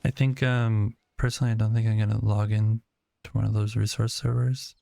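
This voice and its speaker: A man's voice: lowish voice, a little fast, creaky, slight background noise. A man streaming live, chatting casually and musing aloud while he builds. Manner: relaxed, musing, answers chat while building.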